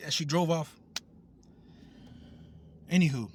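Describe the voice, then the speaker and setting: A high-pitched man from the United States vents straight to camera in a heated vlog rant. He swears freely and hammers the same phrases again and again. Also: animated, normal speed, a bit bright, a little hiss or hum. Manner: heated, profane, repetitive. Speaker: vlogger.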